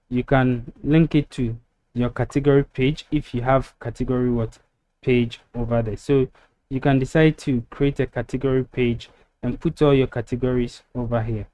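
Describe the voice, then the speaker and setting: A man walking through a website-building tutorial step by step, relaxed and filler-heavy, recorded on a desktop mic over a screen recording. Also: mid-range voice, normal speed. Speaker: web design tutor.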